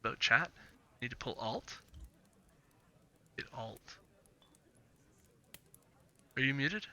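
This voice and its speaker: A man narrating as game master for a tabletop game on stream, halting and filling pauses often. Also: mid-range voice, animated, sharp tone. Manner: halting, many fillers.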